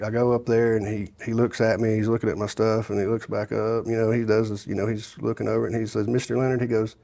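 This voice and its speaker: A man's voice: medium pitch, gravelly, a little mellow. A man from telling his life story in a casual interview, rambling with many restarts and quoting the people he met. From Sevier County, Tennessee. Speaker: guest sharing his testimony.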